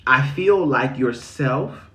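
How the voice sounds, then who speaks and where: A man giving spiritual readings on a livestream, talking in a sassy, slangy, animated way. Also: mid-range voice, slow pace. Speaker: spiritual reader. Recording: echoey room.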